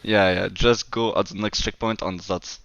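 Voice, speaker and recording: A man's voice: fairly low pitch, steady tone, fairly bright tone, clear, resonant tone, no room sound. A man from France with a French accent, co-commentating a game and sometimes searching for his English words. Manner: slow, searching for words, laughing. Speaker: esports co-caster. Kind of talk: casual co-commentary.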